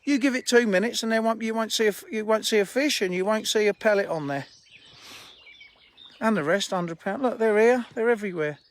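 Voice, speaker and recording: A fishery owner speaks a little fast in a voice that sits high, chatting on a live stream from his handheld phone outdoors by a fishing lake. He laughs while answering viewers' comments, with birdsong and faint outdoor noise behind him.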